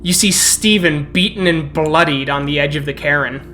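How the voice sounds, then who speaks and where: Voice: medium pitch, moderate pace, sharp tone, faint music behind. A game master narrating a tabletop role-playing game, laughing often.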